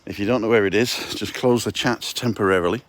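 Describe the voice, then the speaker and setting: A man's voice: lowish voice, steady tone, quick pace. A man with a cold giving a jokey, chatty live-stream walking tour, talking into a phone he holds as he walks outdoors. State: has a cold. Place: outdoors, walking through a residential complex. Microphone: handheld phone.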